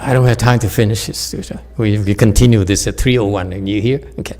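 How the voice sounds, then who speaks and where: A Buddhist meditation teacher gives an informal dharma talk, telling stories, joking, laughing often, and addressing his listeners directly. His voice is on the low side and darkish, with a steady tone and a fast delivery.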